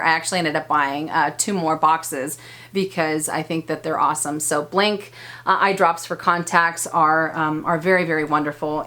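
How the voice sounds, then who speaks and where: Woman beauty vlogger, 30s, chatty and upbeat, slightly low pitch. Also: fairly bright tone. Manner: chatty, enthusiastic, frequent fillers and laughs. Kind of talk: casual product review.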